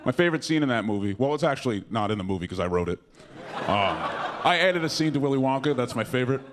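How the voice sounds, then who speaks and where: A man's voice: medium pitch, expressive, fast talker, noisy background. Profane, rambling young man doing stand-up. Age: young adult. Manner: rambling, profane, self-mocking, with lots of fillers. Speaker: stand-up comedian. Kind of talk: stand-up comedy set. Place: comedy club stage.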